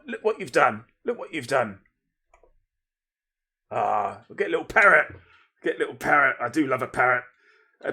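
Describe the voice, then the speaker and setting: A man hosts his livestream, chatting loosely and breaking off his own sentences. His voice is gravelly and a little husky, and his pitch bounces around a lot as he rambles. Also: pushed and bright. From Lincolnshire, England. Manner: rambling, playful, self-interrupting, thanks viewers. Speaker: livestream host. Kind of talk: casual livestream chat.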